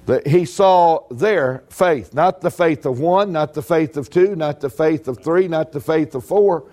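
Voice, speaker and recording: A man's voice: a little high, a little slow, darkish tone. A man preaching a sermon, telling folksy stories with humor.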